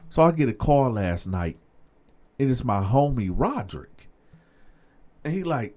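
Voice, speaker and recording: Animated man telling a story, AAVE. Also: a little high, moderate pace. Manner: animated, talks straight to viewers with repeated "y'all" and stammered restarts. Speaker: storytelling channel host. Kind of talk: casual storytime monologue.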